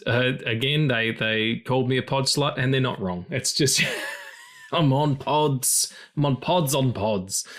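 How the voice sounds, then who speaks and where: A man's voice: medium pitch, fairly bright tone. A man co-hosting a film podcast, talking loosely and swearing freely. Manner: loose, chatty, swears freely, many fillers. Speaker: podcast co-host. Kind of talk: casual film podcast chat.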